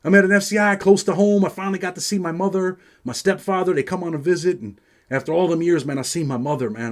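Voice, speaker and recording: New guy talking street style, cussing a lot, kinda higher pitched, keeps saying man. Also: quick pace. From New York. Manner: streetwise, profane, peppers speech with "man". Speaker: host. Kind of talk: casual first-person storytelling.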